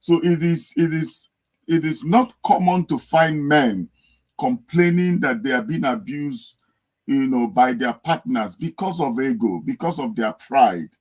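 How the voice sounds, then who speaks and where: A man's voice: mid-range voice, animated, a little slow, darkish tone, rough recording. Earnest man giving advice. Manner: earnest, storytelling, acts out a wailing wife. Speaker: guest speaker. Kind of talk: podcast discussion. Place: United Kingdom.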